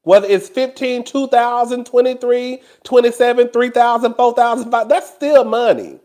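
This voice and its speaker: A man talks casually to camera as a host. His delivery is animated and gossipy, full of laughter and asides to the listener. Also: extremely high pitch, moderate pace. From Houston, Texas. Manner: animated and gossipy, laughs often, addresses listeners as "girl" and "child".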